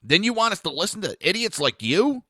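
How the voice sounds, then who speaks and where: A man's voice: high-pitched, big pitch swings, brisk, bright, forceful tone, dry recording, clean studio sound. Blunt, profane ranting man. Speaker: podcast host. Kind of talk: ranting political commentary.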